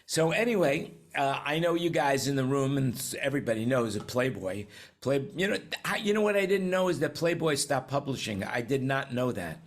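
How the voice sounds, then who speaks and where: A man's voice: mid-range voice, animated, moderate pace. An older man from New York hosting a casual panel chat on current events over a video call, rambling and chatty with many restarts. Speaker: host.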